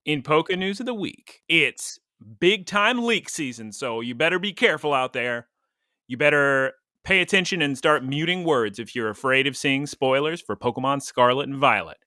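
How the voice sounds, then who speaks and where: A man's voice: mid-range voice, bright, forceful tone, no echo, studio quality. A man co-hosting a podcast, chatting casually and rambling, laughing now and then. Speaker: podcast co-host.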